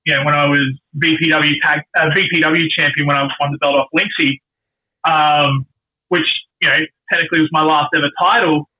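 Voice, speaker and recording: Man, middle-aged, bright tone, earnest and rambling, dull lo-fi recording. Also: on the high side. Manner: rambling, earnest storytelling with many fillers. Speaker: guest wrestler. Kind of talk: casual podcast interview. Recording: dull lo-fi sound.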